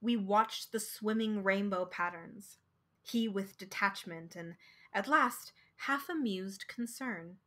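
A woman reading a short story aloud in a slow, expressive, dramatic way. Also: medium pitch.

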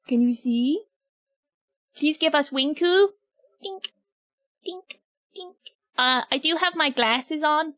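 A British woman with a high voice chats casually with her viewers on a livestream, giggly and nervous as she talks to chat. The recording has no echo.

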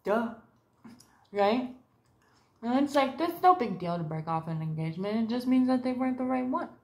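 Her voice sits on the high side, with lively intonation and a moderate pace. Seated at home, the woman vlogs straight to camera, cursing and meandering between topics while slipping into quoted put-on voices.

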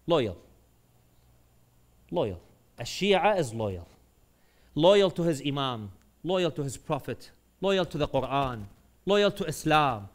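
High-voiced imam preaching, swinging loud to soft. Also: male voice. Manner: rises to loud, high-pitched bursts when telling stories, drops low and quiet for points. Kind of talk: sermon. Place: mosque.

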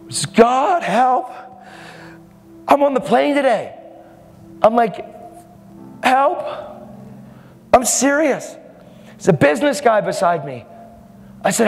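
A man's voice: high-pitched, big-room sound. A man preaching a fervent, emphatic sermon, laughing now and then between points.

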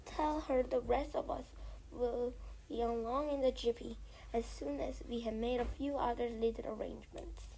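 A woman voicing a clever father fox who gives calm, hushed orders in a children's story. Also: on the high side, normal speed, vocal fry, a little hiss or hum, low-quality recording. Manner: hushed and careful, giving orders.

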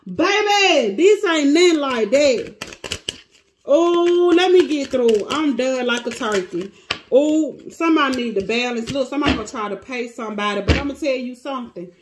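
A woman with a high voice gives a casual tarot reading, exclaiming often and breaking off mid-sentence as she thinks aloud. Clear clicking noises run behind her voice. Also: lively intonation, normal speed, noisy background. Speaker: tarot reader.

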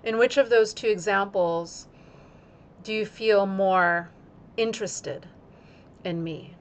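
In an instructional video, a female yoga teacher speaks slowly and deliberately, timing her phrasing to her breath. Her voice is medium-pitched, with slight background noise behind it.

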